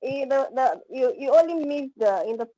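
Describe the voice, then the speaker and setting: Woman teacher, video call, slightly high voice, dry sound, patient, repeats words for students. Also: animated, normal speed, dark tone, husky, no echo, low-quality recording. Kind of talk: online language class.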